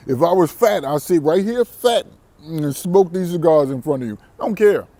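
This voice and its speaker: A man's voice: fairly high pitch, expressive, a little slow, warm tone, dry recording. A man vlogging a brash, defiant monologue to camera, boastful and profane, often breaking into laughter. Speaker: vlogger on dating abroad.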